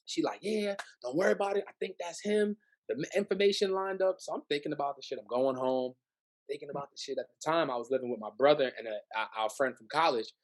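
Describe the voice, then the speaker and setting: A man's voice: medium pitch, quick pace. A man from the Bronx, a podcast guest telling a personal story in casual chat, acting out the voices of the people in it. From the Bronx, New York. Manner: animated, acts out voices in his stories.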